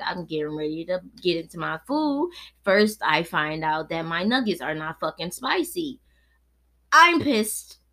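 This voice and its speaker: A woman's voice: lowish voice, a bit bright. Host, woman in her late twenties, casual profane storyteller, laid-back one moment and heated the next. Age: 20s. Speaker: podcast host.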